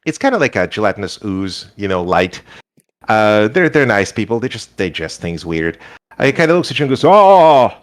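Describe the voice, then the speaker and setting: A man's voice: lowish voice, very animated, brisk, a bit bright. A man narrating as game master, improvising loosely with many fillers. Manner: rambling, improvised, full of fillers.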